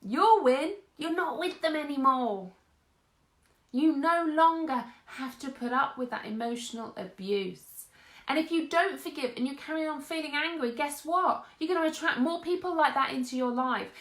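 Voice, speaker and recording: A woman's voice: sits high, moderate pace, fairly bright tone, roomy sound. A woman giving an earnest motivational talk, speaking directly to her listeners. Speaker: host.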